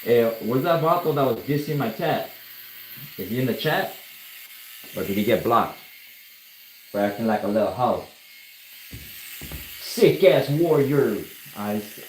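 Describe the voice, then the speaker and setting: A tattoo artist talking casually on a live stream, full of slang and swearing. His voice sits at an ordinary man's pitch and rings in a roomy space. A loud buzzing hum runs steadily under everything he says. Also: lively intonation, measured pace, long pauses. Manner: laid-back, slangy, swearing, laughing at his own story. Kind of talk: casual livestream storytelling. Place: tattoo studio during a live session.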